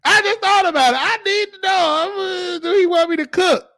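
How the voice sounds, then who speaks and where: High-voiced joking man. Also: normal speed, dry recording, clean studio sound. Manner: animated, joking, laughs often. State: voice worn from talking. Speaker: show host. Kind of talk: casual live-stream chat.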